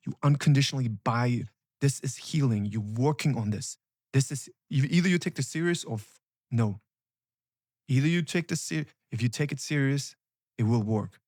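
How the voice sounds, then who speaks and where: A man's voice: mid-range voice, moderate pace, darkish tone, no room sound, clean studio sound. A man coaching listeners on emotional healing, speaking emphatically and repeating key phrases with urgency. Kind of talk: motivational coaching talk.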